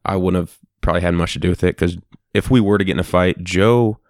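A young man in his twenties casually telling a profane, animated story on a podcast. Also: deep voice, fast, no room sound, studio quality.

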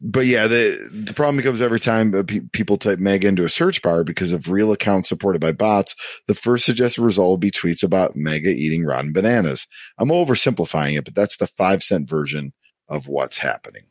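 Deep-voiced man reading wrestling quotes. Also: expressive, fairly quick, dry recording, studio quality. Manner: reads out quotes, filler-heavy. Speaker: podcast co-host. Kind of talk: casual wrestling news chat.

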